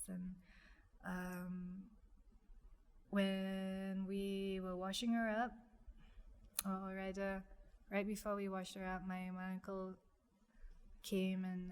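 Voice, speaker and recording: A young woman, telling a personal story in an interview, speaking softly and haltingly with many restarts. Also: mid-range voice. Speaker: guest.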